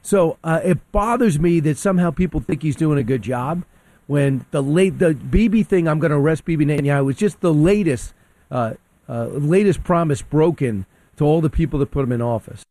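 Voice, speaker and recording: Animated man with a mellow voice. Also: fairly high pitch, normal speed, no echo. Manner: animated, quotes people in acted voices. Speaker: radio guest commentator. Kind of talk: opinionated talk radio commentary.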